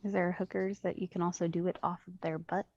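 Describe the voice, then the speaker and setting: A woman co-hosting a podcast, chatting casually and in a lively way. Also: lowish voice, fast. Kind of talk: casual chat. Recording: muffled, dull sound.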